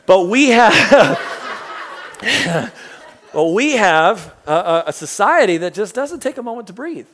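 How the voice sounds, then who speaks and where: A middle-aged male pastor giving a sermon as comic storytelling, animated and jokey, acting out loud outbursts. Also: sits high, takes it slowly.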